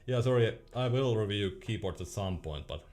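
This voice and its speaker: A man's voice: lowish voice, animated, normal speed, a little mellow. A young man streaming casually, reading chat questions aloud in a laid-back way and laughing often.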